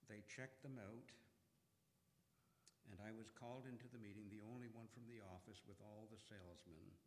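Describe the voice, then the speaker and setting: A man's voice: lowish voice, fairly even intonation, normal speed, long reverb tail, slight background noise. An older man telling an earnest personal testimony, acting out the dialogue he recalls. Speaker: speaker giving a personal testimony.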